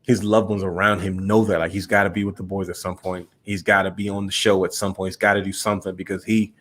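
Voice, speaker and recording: A young man co-hosting a podcast, telling stories in a relaxed, rambling way. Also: low voice, quick pace. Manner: relaxed, rambling storyteller, calls listener bro. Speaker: podcast co-host. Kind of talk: casual chat.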